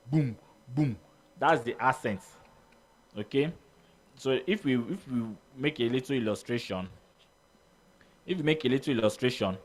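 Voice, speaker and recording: A male choir instructor with a Nigerian English accent explains rhythm in a halting, filler-heavy way. He breaks off to chant beats and counts aloud. His voice sits at an ordinary male pitch. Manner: hesitant, halting, many fillers, sings out beats. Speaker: choir music teacher. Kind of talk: informal music theory lesson.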